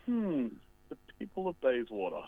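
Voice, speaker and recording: A man's voice: mid-range voice, wildly swooping pitch, moderate pace, no room sound. A man playing a lonely talking bridge, melodramatic. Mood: excited. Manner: melodramatic, rambling, near tears. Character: lonely, self-pitying talking road bridge. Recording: tinny phone line.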